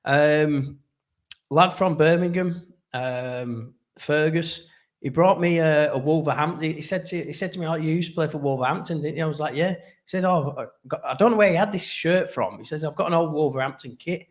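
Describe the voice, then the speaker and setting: A man co-hosting a podcast, telling stories in a halting, restarting way. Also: on the high side. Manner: halting storyteller, many restarts. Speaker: podcast co-host. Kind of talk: casual chat.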